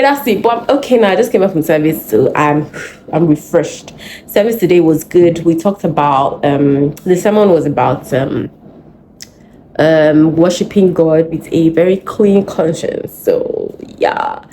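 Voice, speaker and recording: Nigerian lady vlogging from home, animated rant, lowish warm voice. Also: slight background noise. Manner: animated storytelling, venting. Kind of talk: casual vlog chat. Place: home in Lagos.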